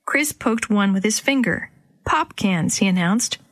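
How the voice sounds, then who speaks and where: Female narrator for a kids' storybook, dry close recording, gentle character voices. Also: medium pitch, animated, unhurried, dry recording. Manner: reads dialogue with light character voices. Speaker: audiobook narrator. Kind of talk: children's storybook reading.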